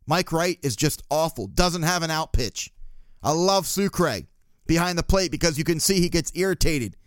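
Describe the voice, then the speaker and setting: A man's voice: fairly high pitch, expressive, normal speed, smooth, dry recording. A man hosting a casual solo sports podcast, ranting bluntly and crudely with frequent laughs. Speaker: podcast host.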